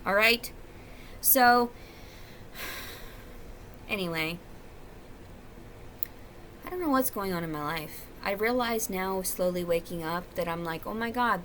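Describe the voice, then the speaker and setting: A woman's voice: on the low side, a bit bright, slight background noise. Woman in a rambling, profane home monologue. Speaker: vlogger. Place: at home, indoors.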